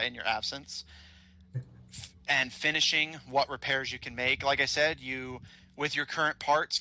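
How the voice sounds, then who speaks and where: A man's voice: medium pitch, bright, forceful tone. A man narrating a tabletop game as game master, rambling along with many ums and uhs.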